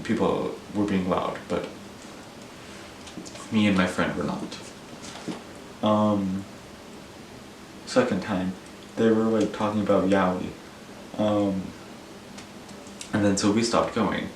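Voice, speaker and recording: A man's voice: lowish voice, darkish tone, a little hiss or hum. A teenage boy telling school stories in a rambling, self-deprecating way, full of "like" and "um". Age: teens. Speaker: vlogger. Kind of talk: casual storytelling. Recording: echoey room, voice a little far from the mic.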